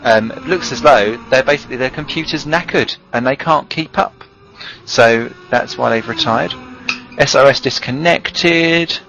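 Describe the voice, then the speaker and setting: A man's voice: mid-range voice, normal speed, vocal fry, a bit bright. Guy joking around on a race stream, dull lo-fi sound, bit of music underneath. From United Kingdom. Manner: joking, teasing, reads forum posts aloud. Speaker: race commentator. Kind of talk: casual booth banter.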